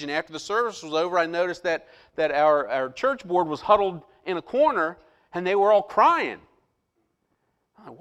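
A middle-aged man, a pastor, telling a personal story in a sermon, quoting others and dropping into a hushed voice for inner thoughts. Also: a little high. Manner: animated storyteller, drops to hushed voice for quoted lines.

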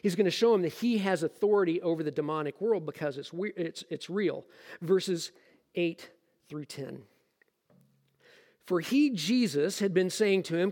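High-voiced pastor preaching in a big hall. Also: male voice, moderate pace. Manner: lively, casual and joking, explaining scripture. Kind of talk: sermon.

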